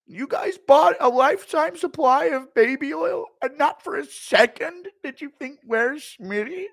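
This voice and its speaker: A streamer voicing a whiny, self-pitying grown man who shouts his grievances in a high, strained voice. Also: animated, gravelly, heavily acted. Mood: whining. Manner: high-pitched, shouty, drawn-out whining. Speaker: streamer doing impressions.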